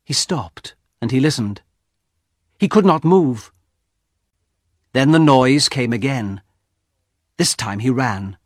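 A man reads a simple audiobook story at a very unhurried pace, his pitch rising and falling with a lively, dramatic swing. The recording is close and completely dry. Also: no room sound. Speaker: audiobook narrator. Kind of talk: graded-reader audiobook narration.

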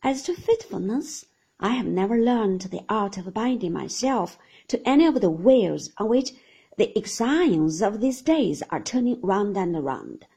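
A woman reading as a breezy young gentleman, breathy. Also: mid-range voice, sing-song, full character voice. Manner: gay, brisk, offhand.

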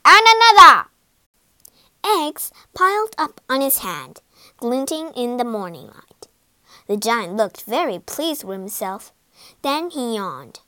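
Expressive high-voiced woman reading a storybook. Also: slow, dry recording. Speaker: narrator. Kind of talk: storybook narration.

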